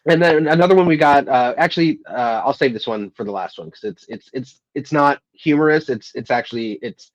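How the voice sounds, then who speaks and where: A man's voice: mid-range voice, a little fast, few pauses, no room sound, rough recording. Rambling man chatting about movies. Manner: rambling, quotes lines in a raised voice. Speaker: podcast co-host. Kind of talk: casual chat about a film.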